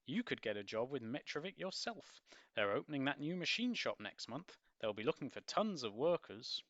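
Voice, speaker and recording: A man's voice: medium pitch, sing-song, normal speed, a bit bright, no room sound, pitched above the performer's own voice. A man reading aloud as a keen eighteen-year-old who has just joined the army, speaking upbeat and eager. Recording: dull lo-fi dry recording.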